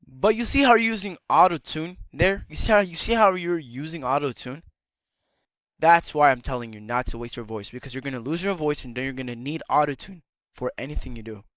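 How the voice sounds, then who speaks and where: Brisk and a bit bright, this fairly high-pitched man delivers rambling, lecturing YouTube commentary, repeatedly adding "all right?". His slightly worn voice cracks occasionally; the sound has no echo.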